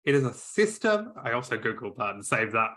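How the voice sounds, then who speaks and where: An Australian man with a bright, forceful voice and a broad Australian accent. He chats casually as a podcast guest, crude and full of swearing. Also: medium pitch, very animated, brisk. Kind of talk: casual chat.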